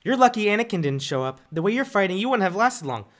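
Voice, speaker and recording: A man's voice: high voice, very animated, quick pace, voice pushed up. A man on a live stream doing an impression of a young female Jedi warrior, bold and defiant, leaning hard on the s sounds. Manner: crisp, with heavy stress on the s sounds.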